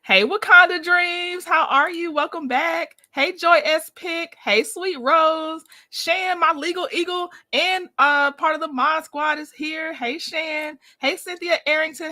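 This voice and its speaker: A woman hosts a casual live stream, greeting her chat one by one in an upbeat, chatty way. Her voice sits high and sounds bright and forward. She laughs easily between names. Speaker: livestream host.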